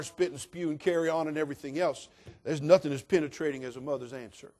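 Folksy, emphatic preacher man. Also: fairly high pitch. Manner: folksy, emphatic, swinging from hushed to loud. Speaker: pastor. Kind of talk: sermon.

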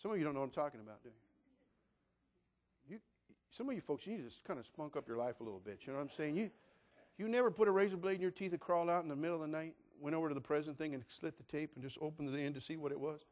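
An older man preaching a sermon in a church in an animated, joking, conversational way. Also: a little high, fast. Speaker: pastor.

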